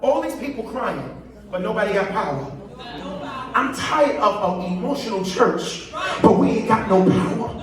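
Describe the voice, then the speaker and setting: A man preaching a sermon in a church, calling out to the congregation and rising to shouts. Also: sits high, expressive, moderate pace, a crowd in the background. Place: large church sanctuary. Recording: echoey church, far from mic, congregation.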